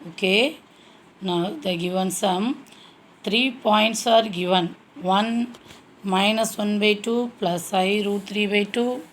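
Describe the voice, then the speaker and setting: Slow, patient woman teaching maths. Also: mid-range voice, a little hiss or hum. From India. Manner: slow, step-by-step explaining with frequent "okay" checks. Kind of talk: classroom maths lesson.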